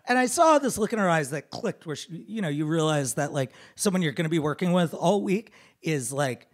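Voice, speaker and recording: A man telling a funny personal story on a theater stage, animated and self-deprecating, into a stage microphone. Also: high voice. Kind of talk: live comic storytelling.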